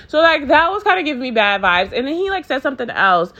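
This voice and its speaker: A woman chats through a storytime, rambling and swearing freely. Her voice sits a bit high and leaps around animatedly as she acts out both sides of a conversation. The talk is loose and filler-heavy. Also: sing-song, fast, bright, forceful tone, highs cut off. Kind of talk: casual storytime chat.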